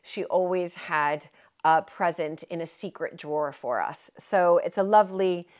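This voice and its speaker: An American woman talking to viewers on a casual live stream from a historic country house, chatty and warm with fillers and self-corrections. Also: lowish voice, a little slow. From United States. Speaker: live-streaming heritage vlogger. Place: historic manor house in rural southwest England.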